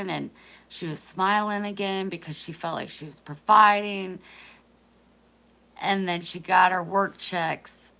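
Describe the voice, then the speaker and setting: A woman talking quietly and emotionally in a personal vlog, hesitant and stopping to restart. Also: deep voice, gravelly, a little hiss or hum. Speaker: vlogger.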